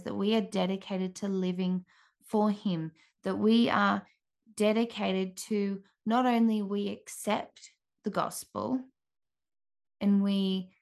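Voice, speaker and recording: A woman in her thirties, a mother, giving an earnest, gentle devotional talk with frequent restarts. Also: medium pitch, creaky.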